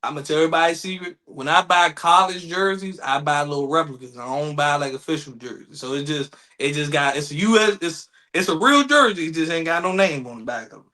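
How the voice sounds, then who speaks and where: A man's voice: fairly high pitch, fairly quick, hardly any pauses, pushed and bright. A man co-hosting a podcast, chatting casually and joking around, often slipping into playful put-on voices. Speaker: podcast co-host. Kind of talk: casual comedic chat.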